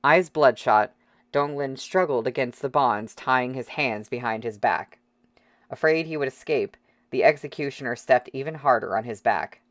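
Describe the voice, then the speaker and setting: An audiobook reader narrating a novel in a measured, steady way. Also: medium pitch, dry recording, studio quality.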